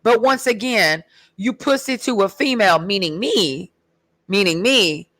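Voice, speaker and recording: A woman's voice: medium pitch, expressive, measured pace, fairly bright tone, no room sound. Woman venting on a vlog, sarcastic and cussing a lot, dry close sound. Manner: heated, profane, sarcastic. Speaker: vlogger. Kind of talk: casual rant.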